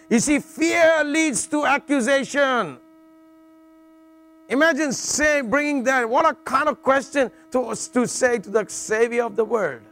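A man's voice: extremely high pitch, measured pace, a bit bright. A middle-aged man preaching a sermon in a jokey, conversational way, often checking in with "all right" and restarting phrases.

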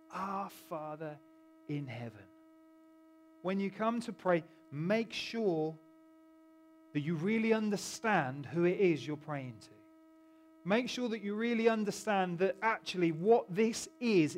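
Chatty preacher, man, slightly high voice. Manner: chatty, self-interrupting, jokes with the congregation. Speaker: pastor. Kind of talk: sermon. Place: church hall.

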